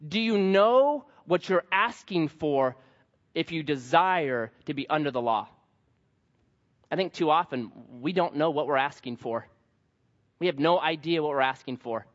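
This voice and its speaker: Animated male pastor in a reverberant hall. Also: a little high, measured pace. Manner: animated storytelling, acts out voices. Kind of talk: sermon. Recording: dull sound with long hall reverb.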